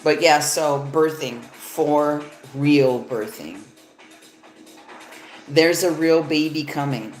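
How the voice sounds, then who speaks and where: A woman with a low voice reads tarot cards on a live stream, speaking slowly and rambling, with the odd swear word. Her voice sounds echoey in the room, and faint music plays behind her. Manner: casual, rambling, swears freely. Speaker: tarot reader. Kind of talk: live-stream card reading.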